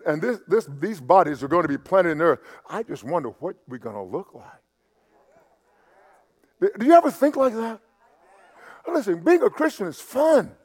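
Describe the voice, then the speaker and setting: Preaching man in a reverberant church. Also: high-pitched. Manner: conversational preaching, stammers and repeats, swings from loud emphasis to quiet asides. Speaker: pastor. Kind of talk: sermon. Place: church sanctuary. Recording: long hall reverb.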